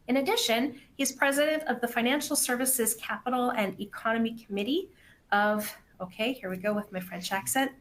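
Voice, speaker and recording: A woman's voice: on the high side, fairly bright tone, slight background noise, rough recording. A woman hosting a business webinar, reading poll questions and a guest introduction in a chatty, upbeat way. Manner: chatty, upbeat, reads polling questions aloud. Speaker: webinar host.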